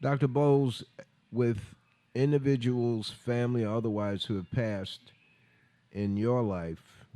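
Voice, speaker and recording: An interviewer asking a slow, measured question. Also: medium pitch, steady tone, dark tone. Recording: distant from the mic.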